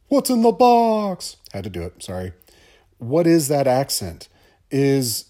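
A man talking casually on a film-commentary podcast at a mid-range pitch. He rambles, trips over his words and repeats them as he works through his thoughts. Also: darkish tone. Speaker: podcast co-host discussing a film.

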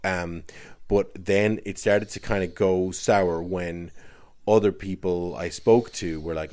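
A man's voice: low-pitched, fairly even intonation, slow, a little mellow. An Irish man telling a long, rambling story in casual chat, often restarting his sentences and laughing as he goes. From Ireland.

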